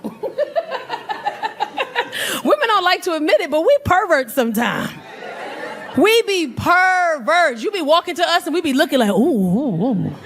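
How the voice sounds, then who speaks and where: A woman comedian on a club stage, talking into a handheld mic. Her voice sits high and leaps about, and she keeps things loud and animated with laughter as she works the crowd. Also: normal speed, long pauses, slight background noise. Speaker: stand-up comedian. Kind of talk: stand-up comedy.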